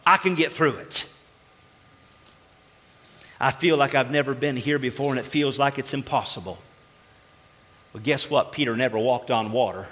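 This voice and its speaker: A man preaching a sermon as pastor to his church, animated and exclaiming, acting out little dialogues. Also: medium pitch, moderate pace, long pauses, in a large hall. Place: church sanctuary.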